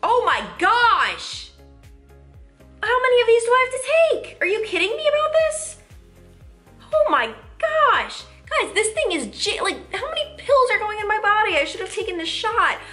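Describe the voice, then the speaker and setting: A woman in her twenties whispering a quiet, secretive aside to camera. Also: very high voice, sing-song, moderate pace, faint music behind. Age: 20s.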